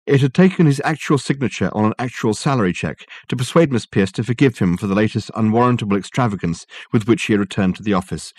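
A man narrating a novel in a dry, measured storytelling manner. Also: medium pitch, a little mellow, husky, no echo. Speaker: audiobook narrator. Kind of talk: scripted narration.

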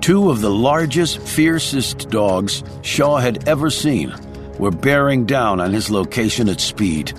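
A man's voice: medium pitch, lively intonation, measured pace, music in the background. A man reading a thriller audiobook in a dramatic storytelling voice. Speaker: audiobook narrator. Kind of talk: scripted thriller narration.

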